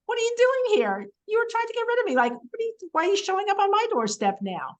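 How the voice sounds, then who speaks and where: A woman's voice: extremely high pitch, big pitch swings, quick pace, pitched above the performer's own voice. A woman voicing an indignant biblical patriarch, a man talking in an incredulous, mock-exasperated way.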